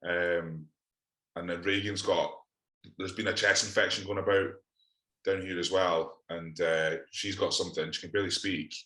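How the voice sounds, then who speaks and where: A Scottish man with a very low voice but a bright, forceful tone, rambling casually and swearing in exasperation. His voice has a roomy echo around it. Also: flat delivery, moderate pace. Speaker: podcast co-host. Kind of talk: casual chat.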